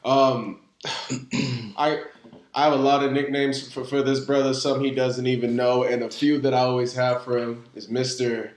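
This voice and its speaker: A young man hosts a podcast in a loose, easygoing way, often dropping casual slang. His pitch sits in the middle range. The sound bounces in a roomy space. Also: flat delivery, normal speed. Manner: loose, repeats "bro" and "man". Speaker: podcast host. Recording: roomy echo.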